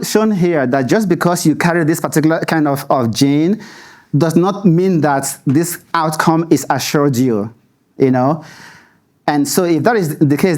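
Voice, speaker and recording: A man's voice: fairly high pitch, a little mellow. A man giving a public lecture and answering audience questions. He speaks thoughtfully, restarts his words often and laughs easily. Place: lecture hall with stage lights.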